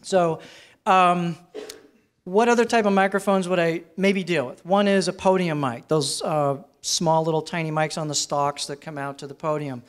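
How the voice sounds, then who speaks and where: A man presenting a live workshop on using microphones, talking in a relaxed, conversational way and asking his audience questions while he switches between handheld and headset mics. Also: on the high side, normal speed, clean tone. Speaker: presenter teaching microphone technique. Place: presentation room with a sound system. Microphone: handheld and headset microphones, switched during demo.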